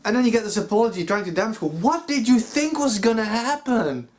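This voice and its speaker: Profane ranting man, pitched a bit high. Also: lively intonation, fast talker, darkish tone, slight background noise. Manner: profane, exasperated, lots of filler like 'you know'. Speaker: metal vlogger. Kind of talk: angry commentary rant.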